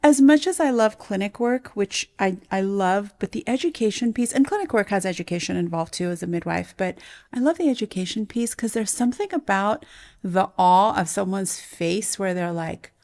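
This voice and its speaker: A woman's voice: mid-range voice, lively intonation, normal speed. Gushing woman podcast host. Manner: warm, gushing, easily moved. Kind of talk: casual chat.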